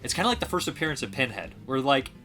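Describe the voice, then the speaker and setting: Male host, casual review chat, bright voice, rambling delivery. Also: medium pitch, sing-song, fast talker, faint music behind. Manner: rambling, enthusiastic, frequent restarts. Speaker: podcast host reviewing films.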